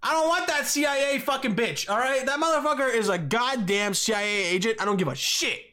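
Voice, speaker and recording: A young man hosting a solo podcast, rambling and swearing, with bursts of yelling. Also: very high voice, brisk. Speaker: podcast host.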